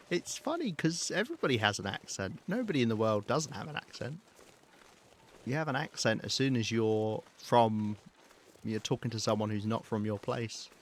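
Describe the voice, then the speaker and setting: A British man live-streaming a survival game, talking calmly and softly to his chat while he plays. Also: mid-range voice, moderate pace, pauses often, a little hiss or hum. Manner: calm, soft-spoken, chatty with viewers.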